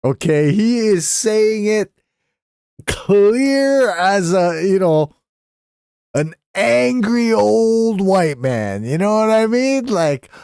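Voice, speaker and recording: A young man streams live, telling a casual story and cursing freely as he goes. His fairly high voice leaps around in pitch, and he lets each phrase out slowly. The sound is dry and close, with no room around it. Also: creaky, clean tone, no room sound. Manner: swears freely, animated, slips into voices for quotes.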